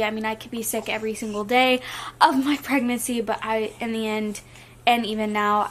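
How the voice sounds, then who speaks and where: Chatty young woman vlogging. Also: fairly high pitch. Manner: chatty, many "like" fillers. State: nauseous. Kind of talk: casual vlog. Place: at home with a baby.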